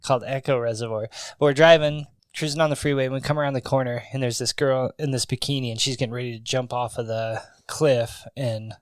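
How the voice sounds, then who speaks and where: A man's voice: medium pitch, steady tone, fairly quick, hardly any pauses, no room sound. A man co-hosting a casual movie podcast, telling laid-back stories and laughing at his own jokes. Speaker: podcast co-host. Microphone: studio microphone.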